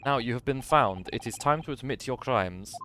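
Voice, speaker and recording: A streamer doing a stern interrogating ship officer. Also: male voice, medium pitch, moderate pace, bright, forceful tone, slight background noise, lightly acted. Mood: menacing. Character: stern ship officer, grown man, menacing. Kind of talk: reading a game aloud in character.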